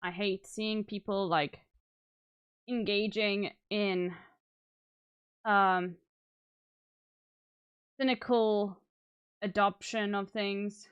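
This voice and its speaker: A tired woman streamer winding down her stream, talking in a soft, halting way that trails off. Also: mid-range voice, fairly even intonation, clear, resonant tone, muffled recording. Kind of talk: casual chat to stream.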